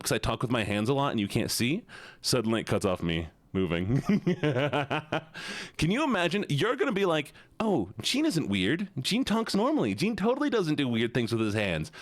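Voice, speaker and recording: A man's voice: fairly low pitch, dry recording. A man chatting playfully and animatedly with viewers on a live stream. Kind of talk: casual live-stream chat.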